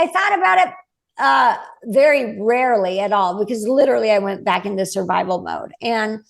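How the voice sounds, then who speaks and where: A woman in her forties with a medium-pitched, creaky voice appears as a guest medium in a casual interview. She tells her story earnestly and acts out the voices of the people she quotes.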